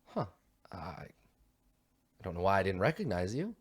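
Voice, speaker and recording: A man voicing an eerie, distracted male doctor who talks softly and fussily. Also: low voice, wildly swooping pitch, normal speed, husky, full character voice. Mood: solicitous.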